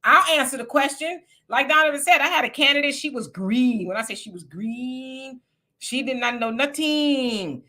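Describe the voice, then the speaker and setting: A woman's voice: high voice, animated, moderate pace, sharp tone. A woman from California giving blunt, colloquial political commentary on a casual live stream.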